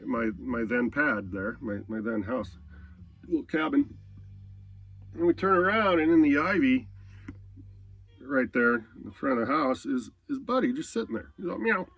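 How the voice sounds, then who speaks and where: A man's voice: medium pitch, creaky, a bit bright, husky, lo-fi sound. A man telling a personal story in a rambling, profane, laid-back way. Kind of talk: casual spoken anecdote.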